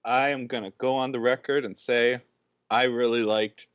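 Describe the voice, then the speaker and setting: A man's voice: medium pitch, fairly even intonation, normal speed, fairly bright tone, clean tone, dry recording. Young guy on a podcast, stumbles and repeats himself, dry muffled mic. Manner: hesitant, repeats words. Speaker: podcast guest. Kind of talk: casual chat.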